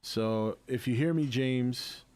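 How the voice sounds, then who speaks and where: A man's voice: medium pitch, takes it slowly, darkish tone, smooth. Chatty male live stream host. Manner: chatty, laughs often, restarts sentences. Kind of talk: casual live stream chat.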